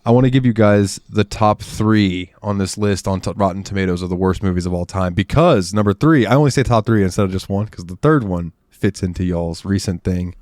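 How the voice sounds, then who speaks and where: A man's voice: low voice, brisk, few pauses, darkish tone, dry recording, studio quality. A man telling rambling, crude stories while chatting over drinks on a podcast. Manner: rambling storyteller, crude humor. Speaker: podcast guest or co-host. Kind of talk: casual chat over drinks.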